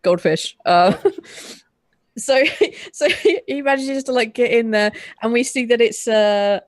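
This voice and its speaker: Giggly higher-voiced woman chatting. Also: no echo. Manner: laughs often, talks in quick bursts. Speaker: podcast co-host. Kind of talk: casual movie review chat.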